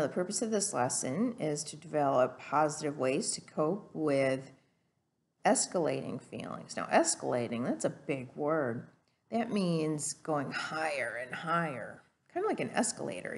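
A woman teacher giving a lesson to young children in a slow, sing-song way. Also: sits low.

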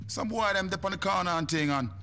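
An actor playing an excitable, rambling Jamaican gangster man in a video game. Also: high voice, fast, slight background noise. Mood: complaining.

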